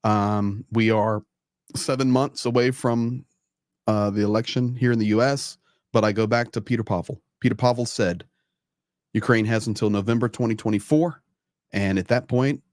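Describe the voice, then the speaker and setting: A man's voice: lowish voice, steady tone, moderate pace, a little mellow, no echo, clean studio sound. A man hosting a casual talk show, telling stories in an emphatic way and repeating his points for stress. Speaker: host. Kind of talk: casual storytelling chat.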